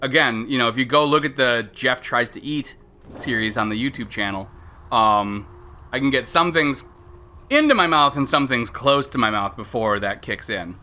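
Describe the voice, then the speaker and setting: Male game streamer, bright tone, loose self-mocking chatter with casual swearing. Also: medium pitch, lively intonation, moderate pace. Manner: rambling, chatty, laughs at himself. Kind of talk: casual live-stream commentary.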